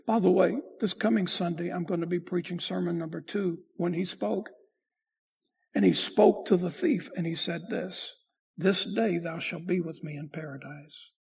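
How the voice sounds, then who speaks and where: Raspy high-voiced preaching pastor. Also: male voice, steady tone, darkish tone. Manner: preaching with emphatic rises and slow drawn-out phrases. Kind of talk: sermon.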